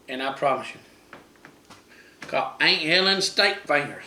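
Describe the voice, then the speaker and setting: A man's voice: medium pitch, animated, a little slow, pauses often, pushed and bright, rough recording. A middle-aged man hosting a casual home cooking demo, chatty and folksy, talking to viewers as guys. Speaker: cooking show host. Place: home kitchen.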